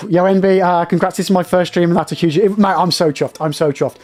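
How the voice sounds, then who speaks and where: A man's voice: high voice, fairly even intonation, fairly quick, darkish tone. Elated, jittery man streaming. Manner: elated and jittery, talking to chat in bursts. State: shaky with nerves after a win. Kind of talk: excited live-stream chat.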